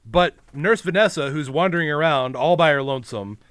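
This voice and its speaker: A man's voice: fairly high pitch, a little fast, a bit bright, clean tone, no echo. A man co-hosting a podcast, recapping a movie in casual, wry chat and laughing often at his own jokes. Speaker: podcast co-host.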